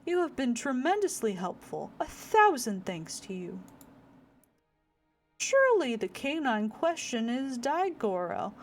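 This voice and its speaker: A woman putting on a pompous high-pitched gentleman inspector. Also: sing-song, unhurried, faint music behind. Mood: eager. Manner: grandiose, theatrical, old-fashioned phrasing.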